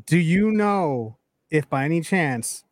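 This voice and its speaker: Man, high voice, jokey podcast co-host, laughs a lot, dry sound. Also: expressive, slow, dry recording. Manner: joking, laughs often, acts out voices in anecdotes. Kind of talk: casual sports chat.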